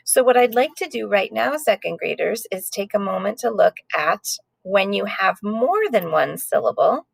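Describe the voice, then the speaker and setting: A woman's voice: medium pitch, lively intonation, normal speed, gravelly, few pauses, husky, dry recording. A woman teaching a recorded phonics lesson to second graders, sounding out letters patiently.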